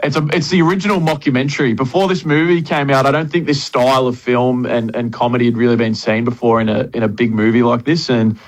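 A man's voice: medium pitch, fairly even intonation, fast talker, hardly any pauses, rough recording. Man explaining a movie enthusiastically. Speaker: film reviewer. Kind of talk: casual radio chat.

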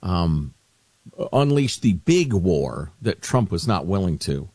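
Wry low-voiced male radio host. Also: big pitch swings, slow pace, darkish tone, no echo. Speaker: radio talk show host. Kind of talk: casual political talk radio. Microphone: studio microphone.

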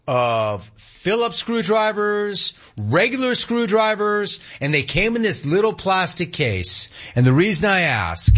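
A man in his forties hosts a sports talk show, telling loose stories and reading the live chat aloud. His pitch swings widely, full of lively ups and downs. The sound is a little dull and lo-fi, as from a modest stream setup. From Southern California. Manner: animated, rambling storyteller who mimics his dad.

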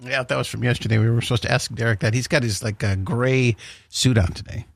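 A man's voice: medium pitch, steady tone, quick pace, creaky, dry recording. A man hosting a morning radio show in casual banter, rambling and jokey with lots of fillers, in a studio.

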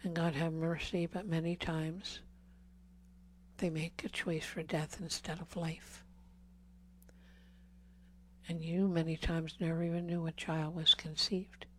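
A woman's voice: low voice, flat delivery, measured pace, pauses often, a little hiss or hum. A woman giving an earnest Catholic talk to a congregation, pleading with repeated questions and dropping to whispers on key words. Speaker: speaker at a healing service.

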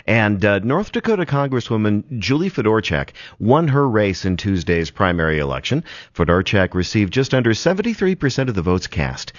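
A man reading the radio news with folksy, expressive banter between items. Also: on the low side, moderate pace, few pauses, no room sound. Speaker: newsreader. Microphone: studio microphone. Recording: slightly dull, dry radio studio sound.

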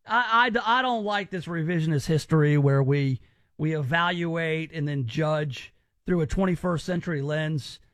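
High-voiced joking male radio host. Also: normal speed, no echo. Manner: joking, teasing, energetic. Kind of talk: radio call-in game banter.

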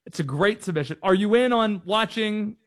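An easygoing man hosting sports talk radio from a studio, curious and quick to laugh as he banters with guests. His voice sits a touch high for a man, and the sound is dry and close to the mic. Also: no room sound.

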